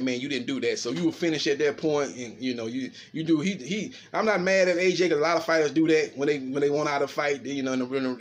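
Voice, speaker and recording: Fast-talking man breaking down a boxing fight. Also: fairly high pitch. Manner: fast, animated, filler-heavy talk with repeated "man". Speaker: boxing commentator. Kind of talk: casual boxing analysis.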